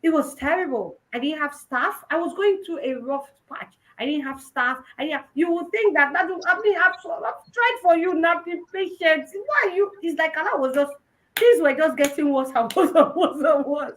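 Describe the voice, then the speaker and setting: A young woman with a Nigerian Yoruba-tinged accent, giving an animated personal testimony at a conference and mixing in Yoruba phrases. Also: high voice, normal speed, rough recording. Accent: Nigerian, Yoruba-influenced English. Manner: animated storytelling, switching between English and Yoruba. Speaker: conference speaker.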